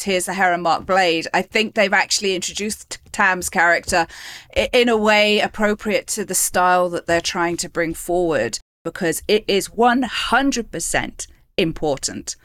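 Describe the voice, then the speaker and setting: A woman co-hosting a casual review chat, lively and laughing often. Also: medium pitch, normal speed, no room sound. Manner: lively, laughs often, restarts mid-sentence. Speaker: podcast co-host.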